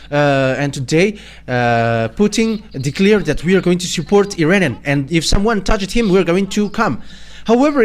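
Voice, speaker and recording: A high-pitched man with a Malagasy accent preaches a sermon in halting English, frequently restarting and using fillers.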